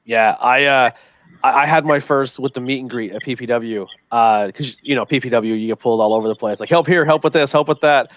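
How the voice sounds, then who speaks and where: A fast-talking man hosts a podcast in an easy, casual way. He tells his stories with excitement and swears freely. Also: medium pitch, no room sound. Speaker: podcast host. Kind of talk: casual chat.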